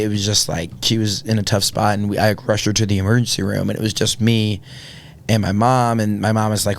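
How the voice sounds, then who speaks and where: Earnest man, lower voice. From Indiana, USA. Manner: earnest, many filler words and restarts. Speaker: podcast guest. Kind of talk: casual storytelling.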